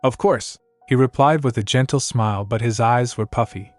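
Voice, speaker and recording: A man narrating a comic story recap in an even, scripted storybook manner. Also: medium pitch, fairly quick, no room sound, soft background music.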